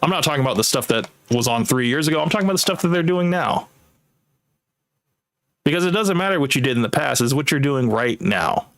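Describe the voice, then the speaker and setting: A man's voice: mid-range voice, expressive, fast talker, fairly bright tone. A man in a heated debate who argues his point steadily, hedging often with "you know".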